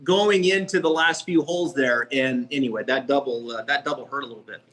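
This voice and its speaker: A man hosting a podcast, chatting casually in rambling, quick asides and often checking with "right?". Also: medium pitch, fairly bright tone. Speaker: podcast host. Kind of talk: casual chat.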